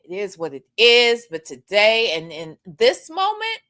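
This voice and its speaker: A woman with a high, bouncy voice hosts a casual livestream, playfully greeting and teasing her viewers. Her pitch swings widely as she chats, and the sound is dry and close with no room echo. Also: huge pitch swings, measured pace, fairly bright tone. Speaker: host of a gossip livestream.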